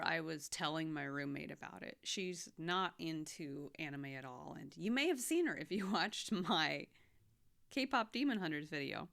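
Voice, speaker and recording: A young woman chatting casually about a series she watched, heartfelt and expressive, moving between hushed and loud. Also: lowish voice, smooth. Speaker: anime reaction vlogger. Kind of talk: casual recap chat.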